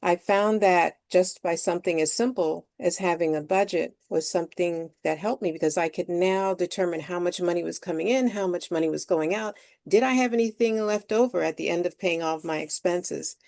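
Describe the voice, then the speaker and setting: A woman in an online meeting, giving a short practiced pitch in a steady, deliberate way. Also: vocal fry, dry recording. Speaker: participant.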